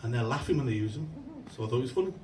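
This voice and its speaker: A man tells long, rambling jokes with plenty of swearing. He often loses his place in the story. His voice comes from a distance in an echoey room, with loud background noise. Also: medium pitch, expressive, very fast. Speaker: amateur stand-up comedian. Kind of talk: stand-up joke telling. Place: function room before a laughing crowd. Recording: echoey room recorded from afar, noisy.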